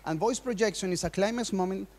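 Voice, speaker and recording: A man's voice: high-pitched, fast, darkish tone. A man who is a non-native English speaker with Spanish as his first language, giving a conference workshop talk on public speaking, a bit nervous, with frequent laughs and non-native phrasing. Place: conference hall in Madrid.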